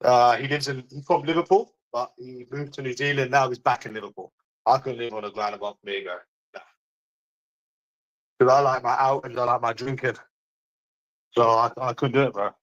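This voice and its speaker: A man's voice: mid-range voice, steady tone, normal speed, pauses often, fairly bright tone, highs cut off. A man with a London accent chatting casually to viewers on a livestream, blunt and mocking, swearing often.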